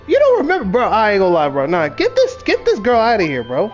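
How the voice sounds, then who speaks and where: A man's voice: high-pitched, wildly swooping pitch, quick pace, hardly any pauses, faint music behind. A man streaming a game, chatting casually between lines with slangy, self-deprecating jokes. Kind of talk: casual gaming commentary.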